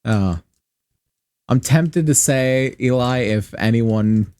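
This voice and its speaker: A Midwestern American man thinks aloud while streaming a game, rambling from one point to the next and swearing freely. His voice sits at an everyday middle pitch. The sound is dry and close, with no room around it. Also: measured pace, darkish tone, clean tone, dry recording. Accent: general American Midwestern. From Michigan, US. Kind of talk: casual gaming stream commentary.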